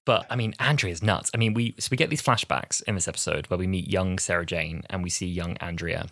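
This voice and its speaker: Speaking slightly fast, this twentysomething podcast co-host keeps the chat casual and lively, performing lines from the episode in exaggerated high voices. There's no echo on the recording.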